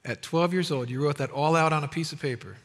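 A man with a bright, sharp and fairly high voice hosts a faith interview, asking his questions in a deliberate, emphatic way. His voice carries a long reverb, as if recorded in a large hall. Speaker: talk show host.

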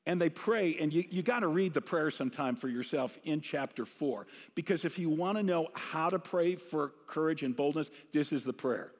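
A man's voice: a little high, animated, moderate pace, few pauses. A middle-aged male pastor giving a conversational sermon that rises to emphatic declarations. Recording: long hall reverb.

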